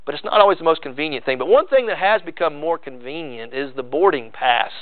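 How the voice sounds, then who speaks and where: A pastor preaching a sermon earnestly, mixing rising emphasis with conversational asides. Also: male voice, a little high, expressive, a little fast, no room sound. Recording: dry tinny phone-like sound.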